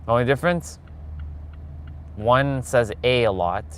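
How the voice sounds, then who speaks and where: A man's voice: medium pitch, unhurried, fairly bright tone. A man in his forties chatting casually to viewers while he drives through city streets, rambling from one thought to the next. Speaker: vlogger. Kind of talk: casual live-stream chat while driving.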